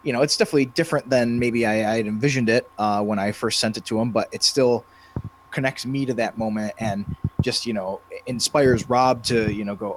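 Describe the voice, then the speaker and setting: A man's voice: medium pitch, a little fast. A man chatting casually on a podcast about running tabletop games. He talks hesitantly, full of restarts and fillers, in an average mid-range voice, with faint noise behind him. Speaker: podcast co-host and game master. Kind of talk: casual chat.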